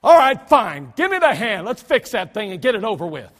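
A preacher doing an irritated, grudging healer. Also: male voice, high-pitched, very animated, normal speed, mellow. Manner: impatient, curt. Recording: long church reverb.

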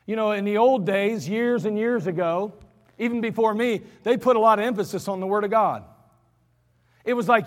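A man preaching an emphatic sermon, slowing down and repeating lines for stress. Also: high-pitched, in a large hall. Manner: emphatic, repetitive, slows for stress.

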